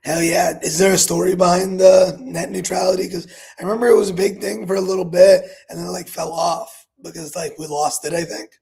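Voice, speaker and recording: A man hosting a casual live chat, relaxed and upbeat as he asks questions and thanks listeners. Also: high-pitched, brisk, gravelly, few pauses, breathy edge. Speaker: host.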